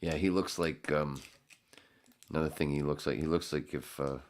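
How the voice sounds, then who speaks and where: A man's voice: extremely low pitch, fairly even intonation, moderate pace. A man hosting a podcast, telling a rambling, profane, self-mocking story full of restarts. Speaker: podcast host. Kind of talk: casual chat.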